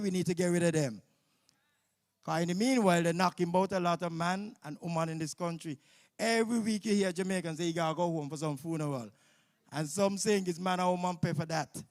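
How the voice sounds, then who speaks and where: A man with a Kittitian accent emceeing a live outdoor stage show on a stage microphone, loud and teasing. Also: high voice.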